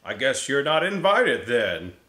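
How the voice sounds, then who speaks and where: A man's voice: medium pitch, sing-song, a little slow, bright, forceful tone, reverberant. A man voicing a conceited, swaggering male turkey in a read-aloud picture book. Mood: boastful. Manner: boastful, later wailing.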